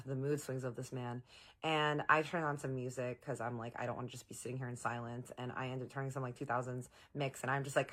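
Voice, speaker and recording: Young woman with a low voice spilling a story, super chatty, acts out every line. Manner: animated, chatty, acts out dialogue. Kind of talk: casual storytime monologue.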